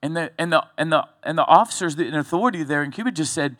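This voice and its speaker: Animated man preaching a sermon. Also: on the high side, fast talker, hardly any pauses, no echo, clean studio sound. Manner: conversational, animated storytelling with restarts. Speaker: pastor.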